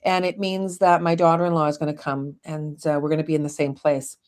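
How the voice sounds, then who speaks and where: A woman's voice: deep voice, flat delivery, fairly quick, darkish tone. A middle-aged woman co-hosting a podcast, telling personal stories in a candid, blunt way with the occasional swear word. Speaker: podcast co-host. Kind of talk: casual conversation.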